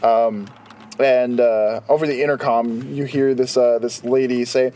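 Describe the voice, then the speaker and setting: A young man in casual podcast chat, talking haltingly and restarting often. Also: medium pitch, steady tone, warm tone. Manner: halting, many fillers and restarts. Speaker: podcast co-host.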